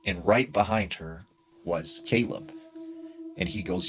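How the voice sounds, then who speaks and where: A man narrating a spooky true story in a hushed, dramatic way with casual fillers. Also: deep voice, slow, background noise.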